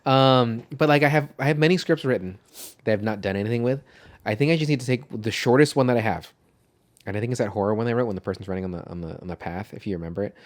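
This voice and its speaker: A man's voice: medium pitch, fast talker. A man co-hosting a podcast in casual chat, rambling and swearing freely. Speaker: podcast co-host.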